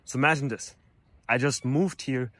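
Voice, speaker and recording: A young man from Germany telling a college story in a casual, animated way, full of fillers. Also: mid-range voice, normal speed, dry recording. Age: young adult. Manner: animated, many fillers like "like" and "you know". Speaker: vlogger, college student.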